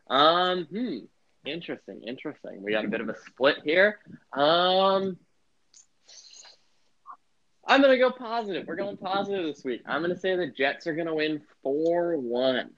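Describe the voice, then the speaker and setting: A man's voice: fairly high pitch, sing-song, takes it slowly. A young man hosting a casual sports podcast, rambling with lots of filler words. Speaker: podcast host. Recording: muffled lo-fi sound.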